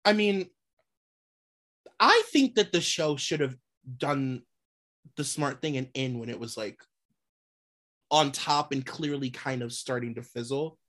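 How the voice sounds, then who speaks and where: A woman's voice: very deep voice, expressive, measured pace, pauses often, fairly bright tone. Blunt, swearing woman gossiping. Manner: blunt, swears freely, emphatic and exasperated. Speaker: podcast co-host. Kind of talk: casual chat, gossip about reality TV.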